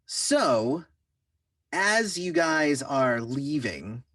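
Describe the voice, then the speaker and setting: A man game master narrating a tabletop game in a relaxed, filler-heavy way, often chuckling. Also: on the high side, very slow, no echo, studio quality, distant mic.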